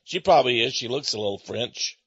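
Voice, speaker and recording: This man, a radio host from Texas, speaks at a medium pitch, animated and a little fast, with a slightly rough, somewhat bright tone. His folksy storytelling is punctuated by frequent chuckles, captured in a dry, dull lo-fi recording.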